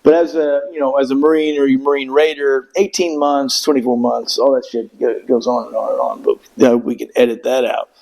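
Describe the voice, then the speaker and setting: Brisk and with few pauses, a middle-aged veteran talks in a mid-range, slightly mellow voice with fairly even intonation, captured on a low-quality recording. During a casual podcast chat he tells a long, profane, rambling war story, breaking into voices of the people in it.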